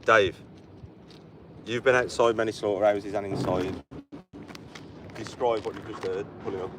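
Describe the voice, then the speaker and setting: A man's voice: lowish voice, fairly even intonation, moderate pace. A man livestreaming outdoors as an animal rights activist, blunt and agitated, swearing often. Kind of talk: live outdoor stream. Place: outdoors by a roadside facility. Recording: distant mic with loud traffic noise.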